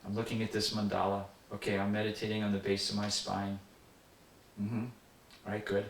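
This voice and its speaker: A man's voice: lowish voice, completely flat delivery, brisk, slight background noise. Older man, earnest reminiscence, roomy distant sound. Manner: earnest, reflective storytelling. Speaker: interviewee recalling a spiritual teacher. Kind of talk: personal reminiscence.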